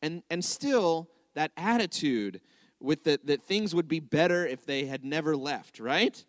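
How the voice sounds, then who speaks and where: A man's voice: on the high side, expressive, unhurried, no echo, studio quality. A man giving an interactive sermon to a congregation, conversational and often checking in with his listeners. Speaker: congregational teacher.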